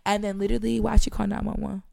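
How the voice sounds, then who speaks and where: A young woman co-hosting a podcast, retelling a story in casual chat and acting out both sides of an argument, getting loud as she goes. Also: medium pitch, fast talker, gravelly, no echo, clean studio sound. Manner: animated, acts out voices, gets loud when retelling arguments. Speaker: podcast co-host.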